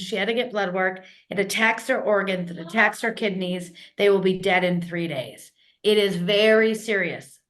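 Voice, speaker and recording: A woman co-hosting a parenting podcast in casual chat, animated and emphatic, laughing often. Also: mid-range voice. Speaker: podcast co-host.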